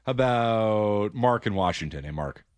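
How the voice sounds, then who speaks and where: A man hosting a call-in sports show speaks in a fairly low voice. He is brisk and opinionated. The studio sound is dry and close. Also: animated, darkish tone, no room sound. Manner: opinionated, brisk, takes calls. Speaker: sports radio host. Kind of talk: call-in sports radio talk.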